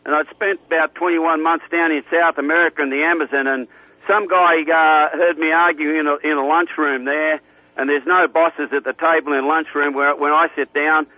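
A man's voice: a little high, level tone, normal speed, dry recording. An older man with an Australian accent calling in to a talk radio show, chatty and calling everyone mate. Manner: chatty, calls people mate. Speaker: caller. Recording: tinny phone line.

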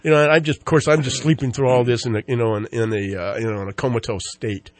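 A man's voice: mid-range voice, fairly even intonation, quick pace, dry recording. A man hosting a local talk radio show, rambling and joking with lots of fillers and restarts. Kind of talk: casual talk radio chat.

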